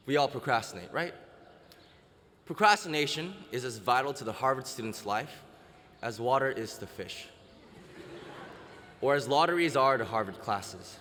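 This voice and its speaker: A man's voice: medium pitch, lively intonation, normal speed, long pauses, pushed and bright, a little hiss or hum. A young man giving a self-deprecating, wry comic speech as a student orator at an outdoor ceremony. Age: young adult. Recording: outdoor PA with long reverb.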